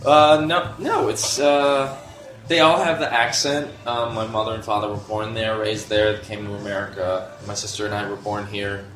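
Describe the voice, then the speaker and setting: A man's voice: on the low side, little pitch movement, moderate pace, a bit bright. A man who is a stand-up comic guest on a podcast, chatting casually and rambling as he laughs through his stories. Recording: echoey room, faint music.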